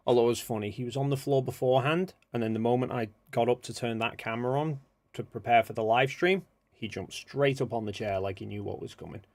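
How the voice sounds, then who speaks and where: A man hosting a casual livestream, muttering quietly to himself as he works, then speaking up to address his viewers. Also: medium pitch, brisk. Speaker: livestream host. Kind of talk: casual livestream chat, thinking aloud.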